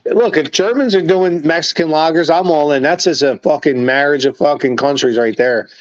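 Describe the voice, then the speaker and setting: A man co-hosting a laid-back sports and beer podcast, his voice sitting on the higher side for a man. He talks in an animated, emphatic way, peppering it with profanity. The sound is dull and lo-fi, with a dry, close feel. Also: normal speed, no echo. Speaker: co-host. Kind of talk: casual podcast chat over beers.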